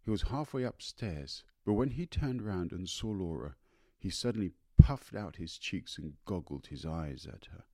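A man narrating an audiobook of a short story in a measured, unhurried manner. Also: low voice, lively intonation, warm tone, no echo, clean studio sound.

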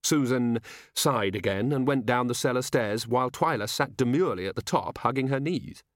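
A man reading a novel aloud as narrator, with expressive storytelling. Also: medium pitch, normal speed, no echo, clean studio sound. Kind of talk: audiobook reading.

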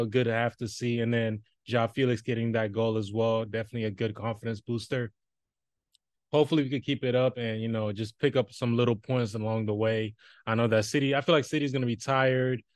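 Animated man on a podcast, dry sound. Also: medium pitch, no room sound. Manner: animated, boastful. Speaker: podcast co-host. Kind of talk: casual chat.

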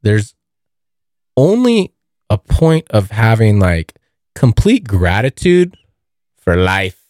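A man's voice: fairly low pitch, big pitch swings, slow, a little mellow, dry recording, clean studio sound. A young man hosting his own podcast, telling a long story in a rambling, casual way, swearing often and calling listeners dude. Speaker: podcast host.

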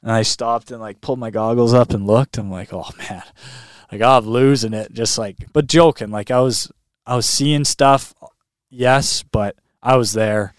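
A man, a podcast guest, telling a story in a casual, animated way, full of "like" and "man". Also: mid-range voice, measured pace, no room sound, clean studio sound. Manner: animated, heavy on fillers like "like" and "man". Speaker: guest recounting a long lake swim.

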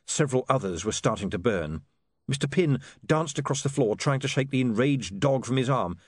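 A man giving an expressive, measured audiobook narration. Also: medium pitch, no echo, studio quality.

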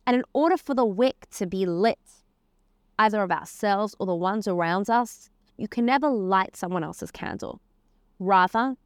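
A woman's voice: medium pitch, dry recording, clean studio sound. A woman giving a conversational Torah lesson, weaving Hebrew terms and verses into her explanation. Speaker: Torah teacher. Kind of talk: casual spoken lesson on the weekly portion.

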